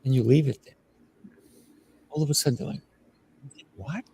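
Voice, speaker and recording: A man's voice: mid-range voice, steady tone, fast, vocal fry, dark tone, a little hiss or hum, low-quality recording. A man on a talk show panel, telling anecdotes in a playful storytelling manner. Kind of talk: panel discussion.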